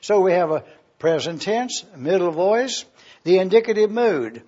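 A man preaching an expository sermon, slowly explaining Greek words and spelling them out letter by letter. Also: high-pitched, lively intonation, darkish tone, husky. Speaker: pastor teaching Bible Greek. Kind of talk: expository Bible teaching. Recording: dull lo-fi recording.

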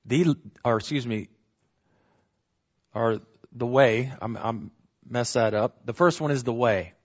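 A man's voice: medium pitch, muffled recording. A man teaching a verse-by-verse Bible study, earnest and emphatic, repeating key phrases and correcting himself as he explains.

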